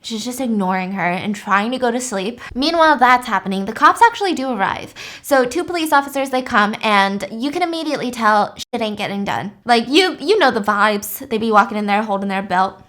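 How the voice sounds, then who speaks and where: A woman's voice: on the high side, animated, brisk, hardly any pauses, a bit bright. A young woman hosting, telling a true crime story in a chatty, casual way with lots of fillers. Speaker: host.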